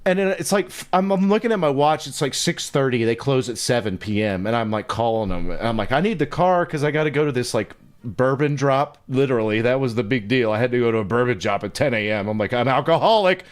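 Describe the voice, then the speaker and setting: Animated, profane man telling a story. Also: medium pitch, fast. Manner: animated, profane, laughing storyteller acting out quotes. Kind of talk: casual storytelling.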